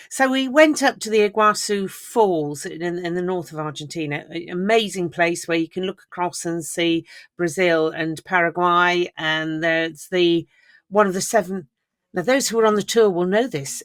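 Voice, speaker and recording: A woman co-hosting a podcast, telling travel stories in lively casual chat and laughing often. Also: lowish voice, dry recording, studio quality. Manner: chatty, animated storyteller who laughs often. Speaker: podcast co-host.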